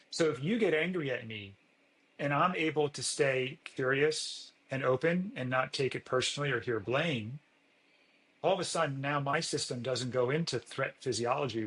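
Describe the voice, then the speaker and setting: This is a man of ordinary middle pitch, talking as a physician guest on a podcast. He explains in an earnest, steady way. He often stops to act out sample dialogues in a brighter, lifted voice. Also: low-quality recording.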